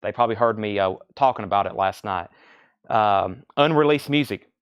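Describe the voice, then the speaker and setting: A man hosting a live-streamed record sale, briskly listing titles and prices and taking bids in a casual selling patter. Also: on the low side, clean tone, no echo, highs cut off. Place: record shop.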